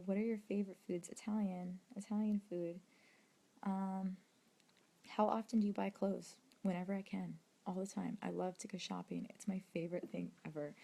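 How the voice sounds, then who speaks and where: Chatty woman with a gravelly voice. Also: fairly low pitch, dark tone. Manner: chatty, rambling, reading out questions. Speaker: livestream host answering fan questions. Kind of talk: casual chat.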